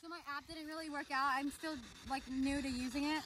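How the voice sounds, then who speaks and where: A young woman vlogging outdoors in a cemetery, excitable and jumpy, with nervous laughs. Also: sits high, a little fast, slight background noise, rough recording. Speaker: paranormal vlogger. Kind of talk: casual vlog commentary. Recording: outdoor ambience and passing vehicles.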